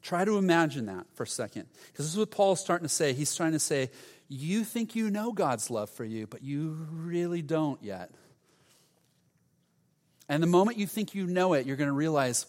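Pastor, male, earnest conversational sermon, slightly high voice, long hall reverb. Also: animated, brisk, a little mellow. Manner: earnest, conversational preaching with acted-out quotes.

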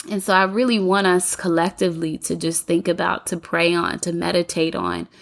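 A woman hosting her own faith-based podcast from home, speaking in an earnest, encouraging way and repeating phrases for emphasis. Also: lowish voice. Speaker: podcast host. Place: home apartment, city sirens outside.

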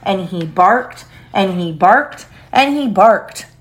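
A woman reading a picture book aloud to her young child, expressive and playful, stopping to ask questions. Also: mid-range voice, slow.

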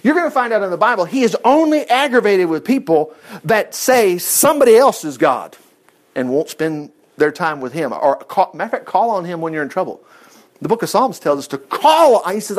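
A man's voice: high voice, a little fast. A man leading an informal Bible study, folksy and chuckling as he talks. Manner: folksy, animated, chuckles often. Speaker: Bible teacher.

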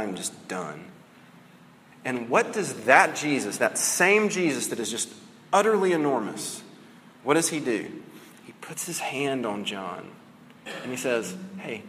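A man's voice: medium pitch, a bit bright, long reverb tail, a little hiss or hum. A man preaching a sermon as a pastor, conversational and casual, often saying "like" and "right?".

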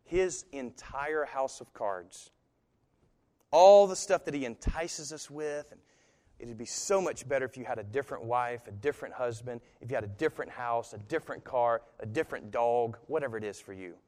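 Animated male preacher in a reverberant hall. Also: medium pitch, normal speed. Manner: animated, swinging from soft to loud with voice-acted quotes. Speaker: pastor. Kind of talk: sermon.

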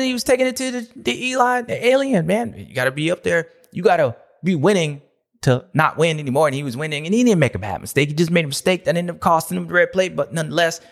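A man's voice: on the high side, fairly bright tone. A man hosting a motocross recap show, ranting in a playful, self-mocking, grumpy way. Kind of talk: casual ranting commentary.

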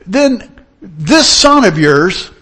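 Man doing a bitter older brother, self-righteous, emphatic complaining, high lively voice. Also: extremely slow, husky, exaggerated voice. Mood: indignant.

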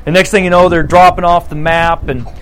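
A man preaching a sermon, retelling a parable with animated delivery and acting out the characters' lines. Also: sits high, fairly quick, slight background noise, rough recording.

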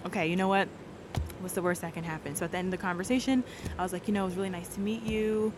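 A woman telling a casual story as a guest, animated and acting out her own thoughts and the quotes in it. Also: lowish voice, very fast, noisy background. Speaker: guest telling how she met her partner.

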